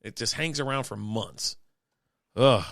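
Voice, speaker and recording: A man's voice: mid-range voice, unhurried, fairly bright tone, no room sound, studio quality. A man chatting casually as co-host of a beer and sports stream, rambling through profane stories with frequent laughs while sick with a cough. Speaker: podcast co-host.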